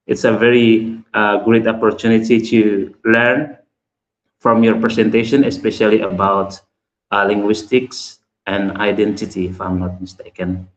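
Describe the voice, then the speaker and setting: A man's voice: medium pitch, lo-fi sound. A man with a flu, a university English teacher asking a courteous question on a webinar call, with many fillers. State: stuffy with a flu. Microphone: video call. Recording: echoey room over a video call.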